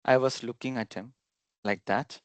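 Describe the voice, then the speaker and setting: A man tells funny stories from his student days to an audience. His voice sits at an average pitch and is recorded close and dry, with no room sound. He drops a laugh here and there and acts out what his friends said. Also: fairly even intonation, moderate pace, clean tone, no echo. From India. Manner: humorous, anecdotal, with acted quotes and chuckles. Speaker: speaker giving a talk. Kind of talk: storytelling talk to an audience.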